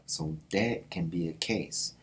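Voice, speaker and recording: Man, very deep voice, casual slangy commentary, animated asides, channel host. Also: slow pace, a little hiss or hum. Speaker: YouTube host.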